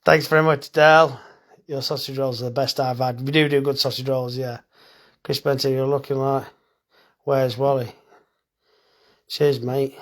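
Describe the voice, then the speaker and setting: A man's voice: mid-range voice, little pitch movement, moderate pace, pauses often. A middle-aged man, a farmer and butcher, chatting casually and bluntly on a phone live stream, reading out comments and swearing now and then.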